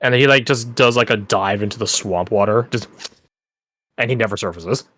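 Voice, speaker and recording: A man's voice: fairly low pitch, moderate pace, fairly bright tone, soft background music. A man running a tabletop game as game master, narrating loosely and filling his lines with "like". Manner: loose narration, many fillers like "like".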